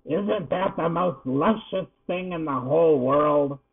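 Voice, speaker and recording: A man's voice: on the high side, slow pace, heavily acted. Man doing a grumpy old porcupine, tinny sound. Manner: gruff, grumbling. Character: grumpy old male porcupine, gruff and demanding.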